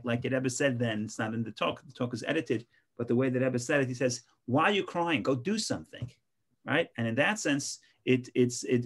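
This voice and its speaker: A man teaching a casual Torah class, his pitch sitting in an ordinary middle range. He talks conversationally, circling back and repeating words as he thinks. He has a lilt. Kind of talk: informal online Torah class.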